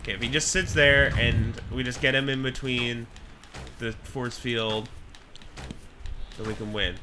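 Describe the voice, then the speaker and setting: A laid-back man talks through a game he is playing, at a middling pitch. Steady noise and clicks sound behind him on a noisy home recording. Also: unhurried. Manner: relaxed, laughs easily, talks while playing. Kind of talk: casual podcast chat while gaming.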